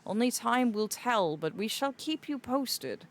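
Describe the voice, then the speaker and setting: In a fairly high, lively voice and an unhurried pace, a young streamer plays a fae character. She's theatrical and warm, calling each viewer "my dear."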